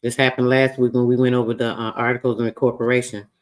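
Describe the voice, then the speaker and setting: A man hosts a casual livestream in an everyday, mid-pitched voice. He talks loosely and swears freely, reading out old records. His manner stays relaxed but openly frustrated. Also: fast. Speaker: livestream host.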